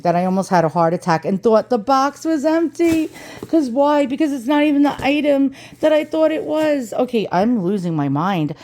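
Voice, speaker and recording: A woman with an East Coast American accent runs a casual unboxing vlog about antiques reselling, full of drama, chatter, and free swearing. She has a medium-pitched, slightly mellow voice.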